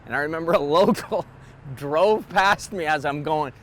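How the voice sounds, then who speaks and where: Fairly high-voiced man chuckling through an anecdote. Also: normal speed, background noise. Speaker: comedian. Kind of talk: interview storytelling.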